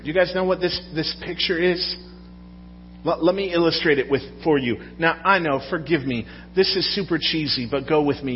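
A man's voice: fairly high pitch, slight background noise. A man preaching a sermon to a congregation in a conversational way, often asking the audience questions. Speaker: pastor. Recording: dull sound with long hall reverb.

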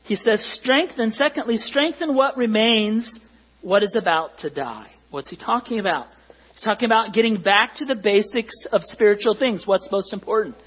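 Husky-voiced man preaching a sermon. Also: high voice, fairly quick, highs cut off. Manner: conversational, joking with the congregation. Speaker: pastor. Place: church hall.

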